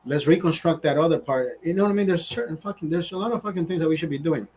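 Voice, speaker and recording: Male host, husky and fairly high, swearing through a stop-start rant. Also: quick pace, a little mellow, low-quality recording. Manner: heated, swears constantly, restarts sentences. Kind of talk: casual profane rant.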